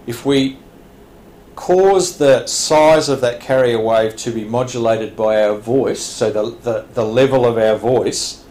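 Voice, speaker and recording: Slow and a little mellow, this mid-range male voice belongs to an Australian teaching a radio licence class. He explains plainly in the training room, with frequent restarts and small laughs. The recording has room echo and faint background hiss.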